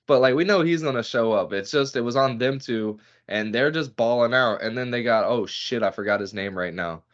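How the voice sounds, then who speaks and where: Male co-host, mid-pitched, loose and profane, ranting in casual sports talk. Dull lo-fi podcast audio. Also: fairly quick. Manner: profane, animated rants.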